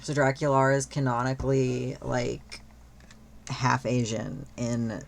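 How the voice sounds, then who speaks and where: Slow, gravelly streamer chatting over a game. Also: mid-range voice, level tone. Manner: rambling, swears freely, many fillers. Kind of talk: casual chat while gaming.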